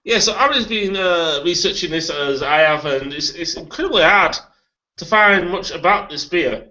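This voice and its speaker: A man's voice: a little high, moderate pace, pushed and bright, dull audio. A man hosting a casual beer tasting chat, rambling and laughing often. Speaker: beer review host.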